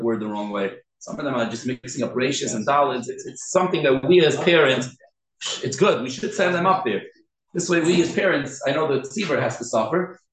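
A man giving an informal class, earnestly repeating words slowly to show the right way to say them. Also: medium pitch. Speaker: teacher of prayer pronunciation. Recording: echoey room.

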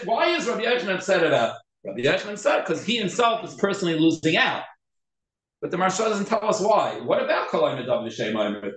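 A man teaching a Talmud class, animated and quick, with many restarts. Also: high-pitched. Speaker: Torah teacher. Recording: echoey room.

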